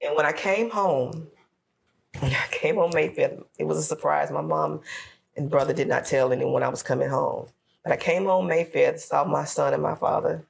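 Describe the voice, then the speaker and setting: A woman's voice: low-pitched, moderate pace, creaky. A woman from Florida telling an emotional personal story on a podcast, acting out her prayers and what others said. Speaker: podcast guest.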